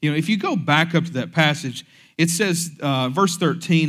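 A man's voice: fairly high pitch, lively intonation, moderate pace, fairly bright tone. Joking man preaching a sermon. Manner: casual, joking asides, frequent fillers and restarts. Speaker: pastor. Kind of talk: conversational sermon.

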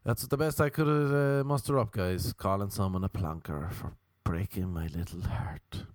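A man's voice: fairly low pitch, steady tone, normal speed, dry recording, studio quality. A young Irish man hosting a comic podcast, rambling through self-mocking stories and plugs with jokey asides. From Ireland. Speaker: podcast host and comedian.

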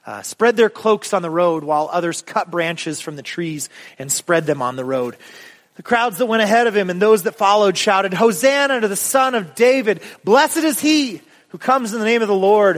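A man's voice: fairly high pitch, a bit bright, in a large hall. A man preaching a sermon as pastor, casual and conversational with many ums, building to emphatic questions. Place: church sanctuary.

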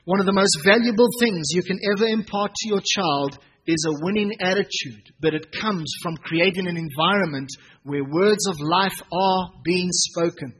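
A man in his thirties, a pastor preaching a sermon and telling family stories with lively, acted-out dialogue. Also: sits high, normal speed, slight background noise, low-quality recording. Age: 30s. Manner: animated storytelling, acting out family dialogue.

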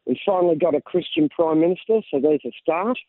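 Man, Australian accent, radio caller, casual chatty, slightly high, phone-line sound. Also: animated, brisk, no room sound. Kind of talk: casual call-in chat.

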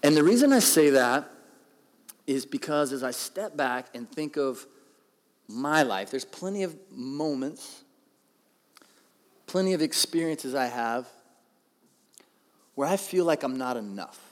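A man's voice: mid-range voice, animated, unhurried, pauses often. A middle-aged man giving a sermon as pastor, conversational and joking. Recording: long hall reverb.

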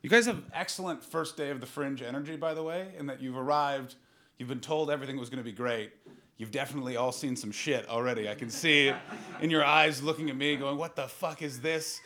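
A man in his thirties from Canada, hosting a live improvised comedy podcast and doing crowd work in a small room, riffing brashly with lots of swearing. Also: medium pitch. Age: 30s. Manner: brash, profane, rapid riffing that bursts into shouting.

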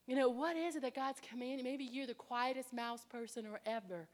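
A woman preaching a sermon, telling her own story with animated delivery and acting out other people's voices. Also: sits high, fairly quick. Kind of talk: sermon with personal testimony. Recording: long reverb of a large hall.

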